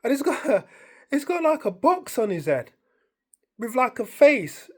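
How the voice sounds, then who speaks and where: Lively woman telling a story. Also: high voice, measured pace. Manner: rambling, repeats phrases, many fillers like "like". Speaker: vlogger. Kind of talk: casual storytelling monologue.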